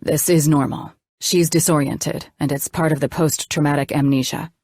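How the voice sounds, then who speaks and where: A woman doing a calm, soft-spoken male doctor. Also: sits low, normal speed, no echo, studio quality. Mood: calm, reassuring. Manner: soft, steady, reassuring.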